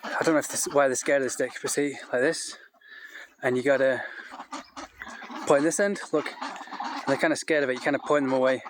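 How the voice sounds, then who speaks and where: A man giving a casual walk-and-talk vlog outdoors in a farmyard, rambling and chatty with many restarts, and coaxing his animals in a higher voice. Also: steady tone, fairly quick, long pauses, background noise. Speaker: vlogger keeping poultry on a farm. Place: outdoors in a farmyard by a duck shed.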